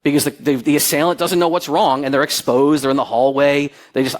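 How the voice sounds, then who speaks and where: A man's voice: on the high side, brisk. A middle-aged man speaking on stage at a security conference, telling stories and acting out the dialogue in them. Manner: animated storyteller, acts out quoted dialogue. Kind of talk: lively conference talk. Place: conference hall with audience.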